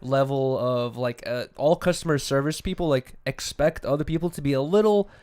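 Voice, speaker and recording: A young American man in his twenties hosting a podcast, telling a rambling, animated story full of slang and swearing. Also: mid-range voice, moderate pace, smooth. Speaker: podcast host. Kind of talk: casual chat.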